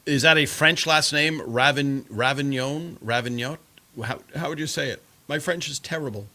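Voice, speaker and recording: A man's voice: on the high side, moderate pace, sharp tone. A man hosting a live stream, chatting casually and reading viewer comments in a rambling way full of fillers.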